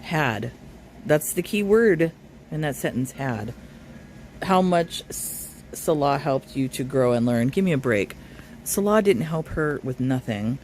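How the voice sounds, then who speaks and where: A man's voice: medium pitch, expressive, measured pace, a little hiss or hum. A man commentating on a live stream, reading viewer comments aloud and arguing back at them. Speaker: reaction commentator.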